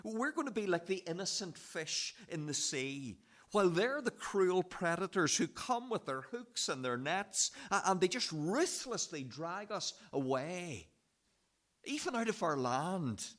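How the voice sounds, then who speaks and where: A man's voice: high-pitched, big pitch swings, measured pace, a bit bright. A man preaching a sermon in a church, passionately voicing the prophet's complaint to God.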